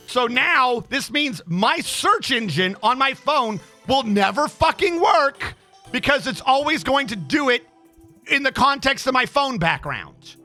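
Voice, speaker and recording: A man's voice: extremely high pitch, bright, forceful tone. A male game streamer with a throat infection, chatting casually on a livestream and ranting with plenty of swearing. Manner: ranting, profane, exasperated.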